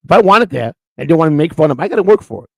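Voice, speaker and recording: Gravelly-voiced guy rambling on his live stream, blunt and crude, dry close mic. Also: a little high, animated, rapid-fire, a little mellow, dry recording, rough recording. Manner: rambling, repeats words as he restarts. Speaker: live-stream morning show host. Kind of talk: unscripted live-stream chat.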